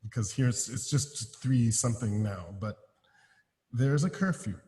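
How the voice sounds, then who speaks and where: A man chatting casually as a guest musician on a video call, relaxed and friendly, talking from his home. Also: mid-range voice, measured pace. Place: room in his home in Montreal. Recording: reverberant room over a video call.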